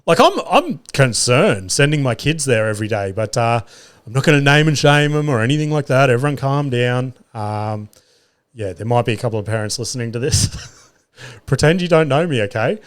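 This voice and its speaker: A man in his thirties hosts a laid-back solo podcast. He talks in a middle pitch, close to the mic, and spins profane, exasperated stories punctuated by wry laughter. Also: expressive, normal speed. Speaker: podcast host. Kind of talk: casual solo podcast monologue.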